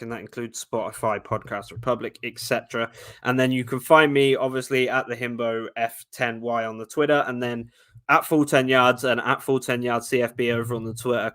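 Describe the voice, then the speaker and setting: Young male podcast guest, bright and punchy voice, easygoing and self-mocking. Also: mid-range voice. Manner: self-deprecating, laughs easily. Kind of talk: casual sports podcast chat.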